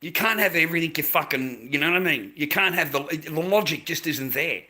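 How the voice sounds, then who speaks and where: A man's voice: on the high side, animated, fairly quick, pushed and bright. Crude ranting Australian man. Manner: crude, ranting, keeps saying mate. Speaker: livestreamer. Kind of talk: livestream chat rant.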